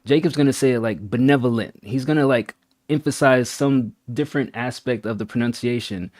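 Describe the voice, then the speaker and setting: A man's voice: medium pitch, brisk, darkish tone, dry recording, studio quality. A man explaining vocal delivery in casual review chat, imitating how words are pronounced. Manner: explanatory, demonstrates pronunciation. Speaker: music critique panelist.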